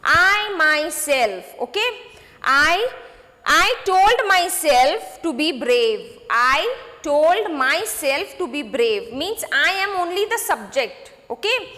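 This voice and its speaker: A woman teaching a grade six grammar lesson, repeating points slowly and checking in with students. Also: high voice, big pitch swings, sharp tone, long reverb tail. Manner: slow, repetitive, addresses students with "okay?" checks.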